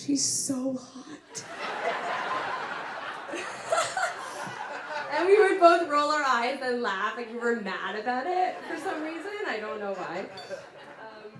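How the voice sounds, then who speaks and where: Tearful laughing bride, distant roomy sound. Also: female voice, medium pitch. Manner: tearful, laughing through her words. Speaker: bride giving a wedding speech. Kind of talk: emotional wedding speech. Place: wedding party at a cottage.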